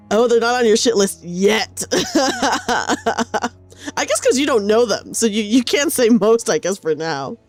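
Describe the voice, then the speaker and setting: A woman streamer chatting casually with her viewers during a game, animated and chatty. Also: fairly high pitch, slow, faint music behind. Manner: animated, chatty, reads chat aloud.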